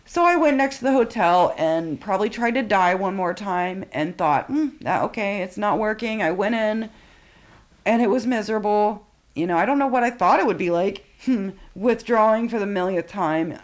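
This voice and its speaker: A woman in her forties speaks as a podcast guest, recounting her life story with blunt candor. Her talk is loose and unpolished, full of fillers and frequent swearing, and her pitch sits in an ordinary middle range. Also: animated, normal speed. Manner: frank and profane, with many fillers. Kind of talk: candid personal storytelling.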